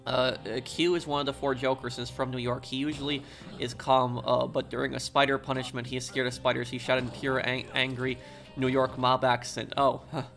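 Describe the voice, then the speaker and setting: Bright-voiced American streamer. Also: male voice, medium pitch, gravelly. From United States. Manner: rambling, halting, reads chat aloud. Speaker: game streamer. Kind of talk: casual live-stream chat.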